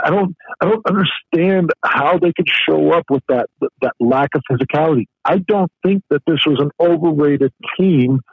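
A man's voice: fairly high pitch, husky, no room sound. A man co-hosting a sports radio talk show, speaking emphatically with frequent restarts. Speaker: co-host. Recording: tinny phone-like line.

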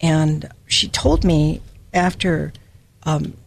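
A woman's voice: sits low, fairly even intonation, very slow, creaky, breathy edge. An older woman from Hawaii giving a personal, emotional devotional Bible teaching as a podcast host.

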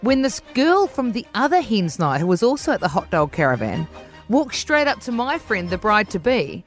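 Lively New woman telling a story. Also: normal speed, faint music behind. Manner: lively, acts out her own quotes in a higher voice. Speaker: podcast host. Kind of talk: animated storytelling chat.

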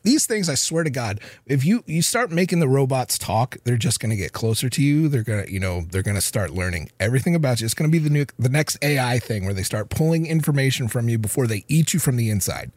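A man's voice: medium pitch, lively intonation, fast, few pauses, a little mellow, dry recording. Playful man with a mid voice, riffing. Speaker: podcast co-host. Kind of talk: casual comedic chat.

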